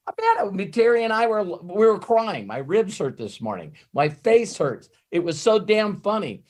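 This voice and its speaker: Lively, swearing man rambling on. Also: high-pitched, moderate pace, few pauses. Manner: rambling and animated, swears freely; frequent restarts and self-interruptions. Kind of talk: off-the-cuff motivational talk.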